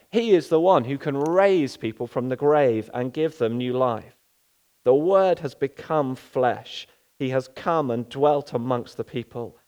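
A man's voice: mid-range voice, a little mellow. Earnest preacher man. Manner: earnest, with rhetorical questions. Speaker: pastor. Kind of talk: sermon.

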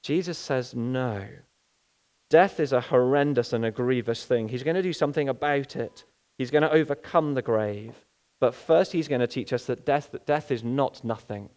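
A man preaching a sermon in an earnest, unhurried way, slowing down to dwell on key phrases. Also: medium pitch, a little mellow.

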